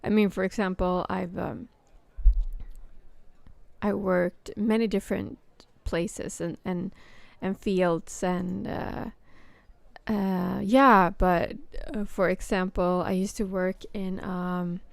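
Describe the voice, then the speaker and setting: A woman telling a work story in casual chat, halting and full of fillers and restarts. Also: lowish voice, fairly even intonation, vocal fry, smooth, dry recording. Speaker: podcast host.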